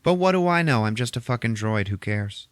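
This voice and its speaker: A man's voice: mid-range voice, brisk, no room sound, studio quality, voice pushed up, close to an everyday voice. A man doing a sarcastic male robot sidekick. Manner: blunt, deadpan complaints.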